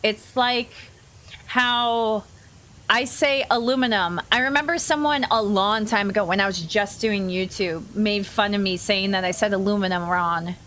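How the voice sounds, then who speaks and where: A woman's voice: mid-range voice, fairly even intonation, measured pace, a bit bright. An American woman chatting casually and giggling while streaming a game, with lots of "like" fillers. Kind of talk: casual live-stream chat.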